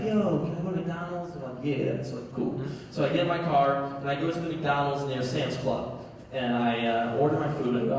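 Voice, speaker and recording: A man's voice: a little high, darkish tone. A young man doing a stand-up comedy set, telling stories and acting out the voices of people in them, laughing at his own jokes. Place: large hall, recorded from far off. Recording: echoey hall, distant mic, faint noise.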